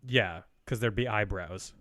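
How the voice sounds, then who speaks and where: A man's voice: lowish voice, measured pace, bright, forceful tone, dry recording, studio quality. An American man hosting a movie podcast, talking in a put-on Australian accent in casual, jokey chat. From United States. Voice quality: exaggerated jokey delivery. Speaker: podcast host.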